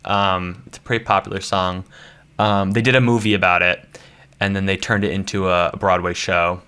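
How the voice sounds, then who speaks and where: A man's voice: sits low, level tone, normal speed, sharp tone, smooth. A man in his thirties, a podcast guest chatting casually and rambling with lots of likes and ums. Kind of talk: casual chat.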